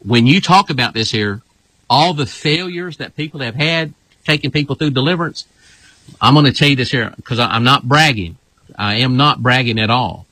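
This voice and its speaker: A male pastor with a bright, forceful voice that has a husky edge. He explains things in an emphatic, repetitive way, and the sound is close and dry. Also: medium pitch, moderate pace, no echo, poor audio. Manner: emphatic, repeats "this here". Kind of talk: casual teaching talk.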